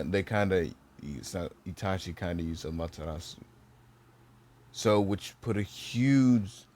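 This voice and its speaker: A young man telling a homemade fan story off the cuff, full of "like" and self-corrections. His voice sits a bit low, and he keeps a loose, conversational flow. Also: a little mellow. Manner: rambling, many fillers and restarts. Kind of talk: casual fan story retelling.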